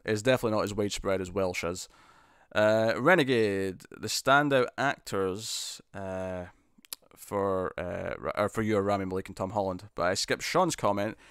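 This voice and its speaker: A young man chatting casually on a live stream, reading out and answering viewer comments with plenty of ums and easy laughs. His voice sits fairly low and sounds smooth and resonant, close-miked in a dry, dead room. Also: fairly bright tone, no room sound. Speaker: host. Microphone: studio mic with pop shield.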